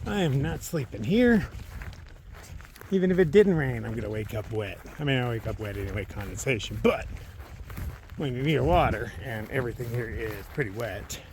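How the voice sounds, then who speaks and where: A man of middling pitch talks his way along a wet trail outdoors, chatty and playful, chattering to himself and the animals he passes. The recording is noisy, with open-air ambience and animal sounds behind him. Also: normal speed, darkish tone. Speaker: solo long-distance hiker. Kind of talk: casual vlog narration while walking.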